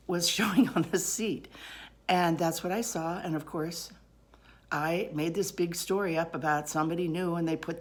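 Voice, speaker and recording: Low-voiced woman telling a personal story. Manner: animated, rambling retelling with many fillers. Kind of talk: personal story told aloud.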